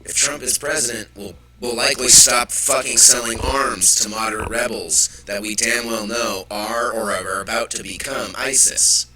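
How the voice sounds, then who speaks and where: A man's voice: mid-range voice, steady tone, moderate pace, few pauses, pushed and bright, low-quality recording. A man hosting a live show, ranting with profanity and irritation about the news. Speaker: host. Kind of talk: live political commentary.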